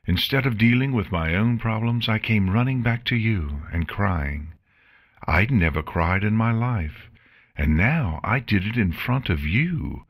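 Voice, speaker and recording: A man's voice: lowish voice, a bit bright, breathy edge, pitched above the performer's own voice, exaggerated voice. A man voicing a proud but distraught female changeling queen in an audiobook, with tearful, self-reproaching outbursts. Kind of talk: audiobook character voice.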